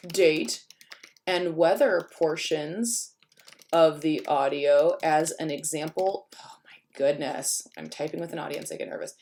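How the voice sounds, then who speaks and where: Low-voiced woman narrating a screencast. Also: creaky, a little mellow, a little hiss or hum. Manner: chatty, thinking aloud. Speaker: teacher. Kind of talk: screencast tutorial. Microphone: computer mic while screen recording. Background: keyboard typing.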